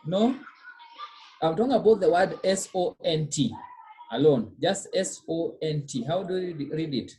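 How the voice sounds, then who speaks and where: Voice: medium pitch, expressive, moderate pace, warm tone, a little hiss or hum. A teacher giving a French pronunciation lesson, drilling students and answering their own questions with "what?".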